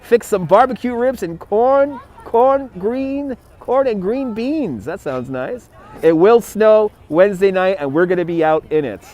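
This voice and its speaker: Unhurried and animated, this high-pitched man speaks with a darkish tone. As a livestream host from Brooklyn, New York, he chats casually outdoors beside a city river, holding a phone on a gimbal, reading viewers' messages aloud and thanking those who donate.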